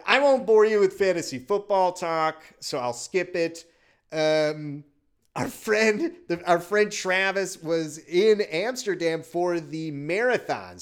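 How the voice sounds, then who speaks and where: A man from Wisconsin rants through a casual sports podcast with a high voice that swings widely in pitch. He sounds exasperated and swears freely. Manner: exasperated, profane, animated. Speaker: podcast host.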